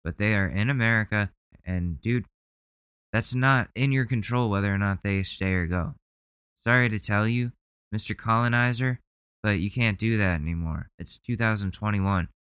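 A commentary host with a low, smooth voice reacts aloud to clips, rambling, swearing, and openly indignant. He speaks at a moderate pace, and the sound is dry and close with no room or echo.

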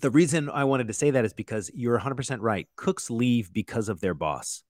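Loose, profane chef telling kitchen stories. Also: male voice, mid-range voice, expressive, brisk, darkish tone, no room sound, studio quality. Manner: loose, profane, full of "like" and "you know". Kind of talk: casual storytelling chat.

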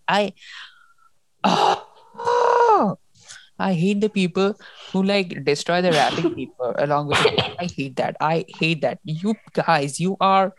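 Book-podcast co-host, woman, low voice, emotional and rambling, dry sound. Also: no echo. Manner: emotional, restarts and gushes about the story. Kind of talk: casual book discussion.

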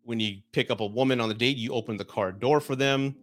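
A man's voice: mid-range voice, quick pace, a bit bright, faint music behind. A man with a Southern Texan accent hosting a live-streamed talk show, chatting loosely, swearing casually and reading viewer comments aloud. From South Texas, USA. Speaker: divorce podcast host.

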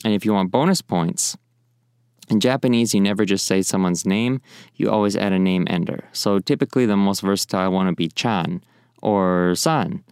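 A man with a lowish, smooth voice gives a casual language lesson. He rambles between points and slows down to repeat example phrases. The sound is close and dry. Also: darkish tone, no echo. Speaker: language teacher.

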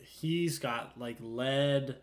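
A man's voice: medium pitch, drawn-out words. Man, casual player, slangy, filler-heavy. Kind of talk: casual tabletop play.

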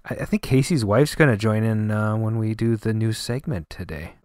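A man hosting a podcast in relaxed, joking casual chat, laughing easily. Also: fairly low pitch, moderate pace, no room sound, clean studio sound. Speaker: podcast host.

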